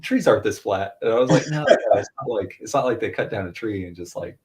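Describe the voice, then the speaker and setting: A man in his thirties tells a long, rambling story in easy, casual chat. His voice sits fairly low, and he raises it whenever he quotes someone else. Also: fast talker, darkish tone. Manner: rambling storyteller, loose and chatty, quoting others in a lifted voice. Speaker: podcast co-host, father.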